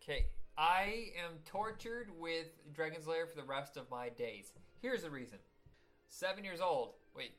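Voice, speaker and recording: A man's voice: a little high, expressive, measured pace, fairly bright tone, faint music behind. A man hosting a casual podcast, joking crudely and rambling through stories. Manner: jokey, rambling, crude humor. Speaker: podcast host. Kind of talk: casual chat.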